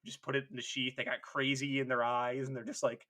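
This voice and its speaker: A man co-hosting a casual comedy podcast, animated and swearing, laughing often as he acts out bits. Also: medium pitch, fairly quick. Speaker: podcast co-host.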